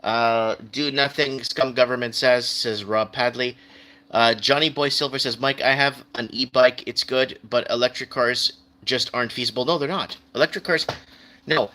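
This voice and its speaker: A man in the middle of his own video, working through viewer comments and news headlines one after another. His voice has a bright, forward edge. He talks to viewers in a loose, rambling way and circles back over his own words. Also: mid-range voice, fairly even intonation, moderate pace. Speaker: video host.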